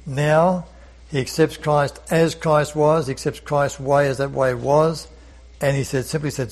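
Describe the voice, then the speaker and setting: A man's voice: a little high, fairly even intonation, unhurried, poor audio. A man leading a Bible study lesson, earnest, often repeating words and asking rhetorical questions.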